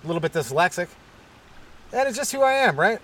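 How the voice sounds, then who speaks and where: A man's voice: high voice, sing-song, a little fast, a bit bright. A man hosting a comedy podcast, rambling through a self-deprecating, hyperactive stand-up monologue. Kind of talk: stand-up style comic monologue.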